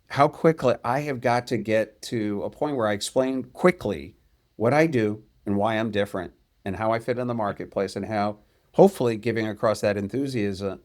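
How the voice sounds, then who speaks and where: This podcast host has a fairly low, slightly mellow voice. In a relaxed, conversational interview, he reasons things out thoughtfully, laying out each idea one step at a time.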